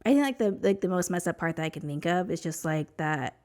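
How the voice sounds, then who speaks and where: A woman's voice: on the low side, animated, fast, darkish tone. A woman from New Mexico, a podcast guest, telling a personal story in an emotional, chatty way, full of "like" and "you know".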